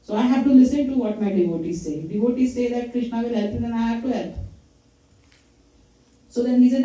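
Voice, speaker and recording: A woman's voice: fairly high pitch, fairly quick, long pauses, dark tone. A woman giving a temple lecture, retelling scripture stories in a conversational way and quizzing her listeners. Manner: conversational storytelling, quizzes the audience. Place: temple hall. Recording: echoey hall, mic from far off.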